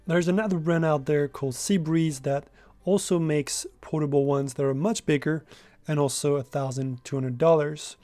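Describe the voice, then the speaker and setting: A man's voice: a little high, steady tone, moderate pace, dark tone, no echo, soft background music. Upbeat young man reviewing a gadget. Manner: enthusiastic, direct to camera. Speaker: product reviewer. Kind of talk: casual product review.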